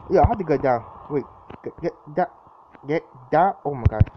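A man's voice: a little high, expressive, fairly quick. A young man commentating his own gameplay in a casual, jittery way, exclaiming often and repeating himself. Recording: dull lo-fi mic with clear background noise.

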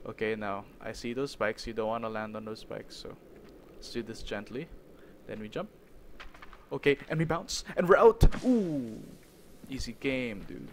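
Excitable young gamer man commentating. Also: lowish voice, normal speed, slight background noise. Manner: excitable, jokey, talks to his character. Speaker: gaming YouTuber. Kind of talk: let's play commentary.

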